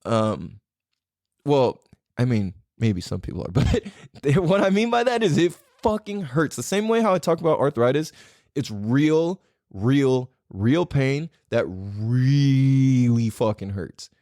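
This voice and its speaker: A man hosting a podcast, ranting casually with a profane, rambling, animated delivery. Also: mid-range voice, slow, dry recording, studio quality. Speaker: podcast host.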